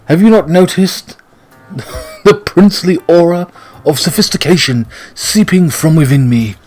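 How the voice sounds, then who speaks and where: A man voicing a pompous young male suitor who talks like a posh English gentleman, grand and theatrical. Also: fairly high pitch, measured pace, faint music behind, pitched above the performer's own voice, lightly acted. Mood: grandiose. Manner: flowery, theatrical, grandiose speech.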